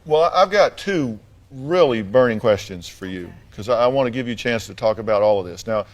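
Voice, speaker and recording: Male talk show host, mid-pitched, blunt and probing, dry wit. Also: animated, a little fast. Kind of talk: confrontational talk show questioning.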